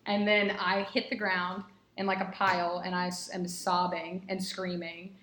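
A woman guest who grew up in a small American country town, telling lively stories in casual podcast chat, peppered with "like". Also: lowish voice, moderate pace, a little hiss or hum. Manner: animated storyteller, full of "like" fillers. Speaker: guest, personal trainer. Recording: echoey room.

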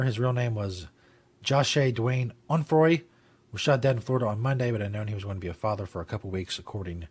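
Husky, rambling male talk host. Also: medium pitch. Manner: rambling, profane, laughs at his own jokes. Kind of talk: casual comedic talk show. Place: studio.

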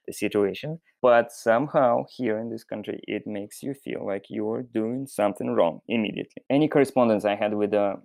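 A man's voice: on the low side, a little fast, vocal fry, hardly any pauses, a little mellow, dry recording. A young man with a Russian accent and Russian as his first language, talking earnestly and emphatically with many "you know" fillers as an interview guest. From Russian-speaking country. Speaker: interview guest, former waiter. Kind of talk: candid conversational interview.

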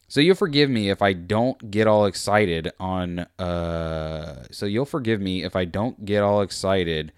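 Sardonic male commentary host, lowish smooth voice, close dry mic, mocking and rambling. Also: dry recording. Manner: sarcastic, rambling, swings between loud and muttered. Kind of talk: reading and mocking tweets.

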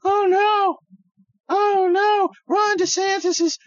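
A man voicing a whiny, fretful male pseudo-conservative in a high, sarcastic whine. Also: fairly even intonation, takes it slowly, dry recording, distant mic, dull audio. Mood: whining. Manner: high whining sarcastic mockery.

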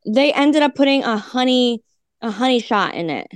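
A woman's voice: fairly high pitch, lively intonation, moderate pace, no echo. Blunt, crude, teasing woman co-host. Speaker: podcast co-host. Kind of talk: casual chat.

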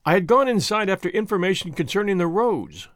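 A man's voice: sits high, sing-song, no echo, clean studio sound, voice pushed up. A man voicing a suspicious, hotheaded soldier who angrily accuses a stranger. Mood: angry. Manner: accusing, quick to anger.

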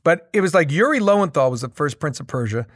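A middle-aged man, a guest voice actor, telling animated stories in casual interview chat with many restarts. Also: fairly high pitch, quick pace, dry recording, studio quality.

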